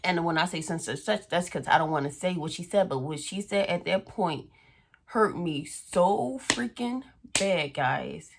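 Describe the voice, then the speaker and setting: A woman's voice: low voice, moderate pace, vocal fry, few pauses, a little hiss or hum. A young adult woman telling a personal story in a casual vlog, blunt and full of swearing. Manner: blunt, profane, chatty storytelling. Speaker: vlogger.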